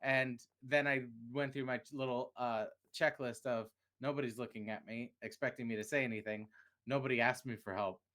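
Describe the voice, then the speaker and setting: A man's voice: mid-range voice, fairly even intonation, moderate pace, a bit bright. A man with a Southern US accent, co-hosting a podcast in casual chat, rambling, breaking off mid-sentence and laughing often. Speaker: podcast co-host.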